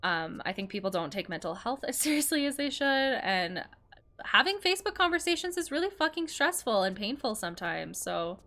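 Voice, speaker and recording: Fired-up young woman ranting, bright voice. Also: a little high, very animated. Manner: heated, swearing, quick to anger. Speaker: streamer. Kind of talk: casual ranting chat while gaming.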